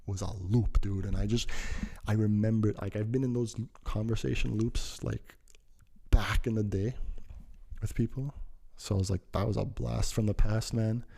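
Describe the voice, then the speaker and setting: Young male storyteller, casual and rambling, slangy, mellow low voice. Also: fairly even intonation, moderate pace, vocal fry. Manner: rambling, slangy, acts out quoted lines.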